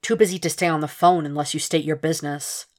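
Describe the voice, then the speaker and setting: A woman voicing a guarded male investigator who speaks calmly to stall a caller. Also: low-pitched, close to an everyday voice. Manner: calm, measured, stalling.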